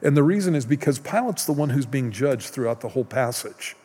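A man's voice: mid-range voice, expressive, dark tone. Male pastor, earnest sermon delivery, mid voice, church hall reverb. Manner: slow, earnest preaching with restarts.

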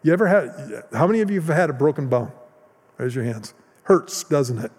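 A man pastor preaching a sermon in a conversational way, with restarts and rises in pitch and volume for emphasis. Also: animated, normal speed, a little mellow, slightly rough. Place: church hall. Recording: long hall reverb.

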